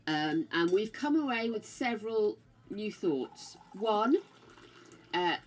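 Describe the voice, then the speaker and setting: A woman's voice: mid-range voice, animated, slow. An older woman from the UK with a British accent that drifts between regional accents, chatting casually on her game stream and calling viewers darling and dearie. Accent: British, shifting between regional accents. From United Kingdom. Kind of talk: casual livestream chat.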